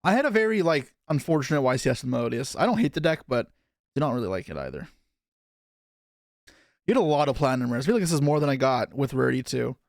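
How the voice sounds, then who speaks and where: This young streamer has a mid-range, sing-song voice with some creak as he rips open trading card packs and replies to chat. He keeps up a chatty flow of reactions and fast asides, captured in a dry, clean studio recording.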